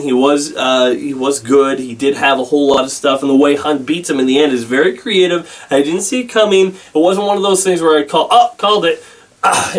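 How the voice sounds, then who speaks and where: A man giving a casual spoken film review, rambling and halting with many restarts and fillers. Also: fairly high pitch, far from the mic. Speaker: movie reviewer.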